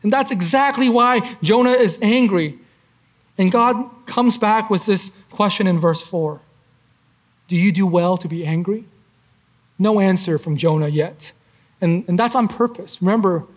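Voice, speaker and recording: Male preacher, high-pitched, earnest conversational teaching with rhetorical questions. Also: normal speed.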